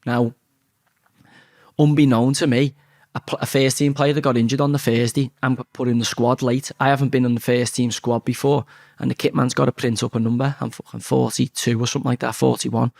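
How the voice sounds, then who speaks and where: A man with a thick Liverpool Scouse accent tells his stories in a casual interview, blunt and full of swearing. His mid-range voice has a gravelly, crackly edge. The sound is dry and close, with no room echo. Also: mid-range voice, brisk. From Liverpool, England. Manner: blunt, swears freely, animated storyteller. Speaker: interview guest.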